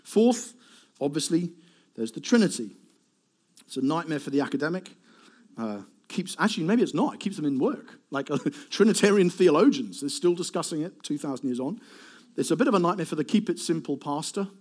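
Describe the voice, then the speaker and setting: The sermon comes from a middle-aged male preacher whose voice is on the high side and a little fast. Animated throughout, he poses rhetorical questions, moving between forceful emphasis and soft asides.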